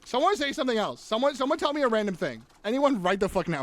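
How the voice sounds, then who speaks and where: A young man chatting casually on a live gaming stream, jokey and swearing, quick to tear up. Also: extremely high pitch. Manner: animated, swearing, jokey, easily teary.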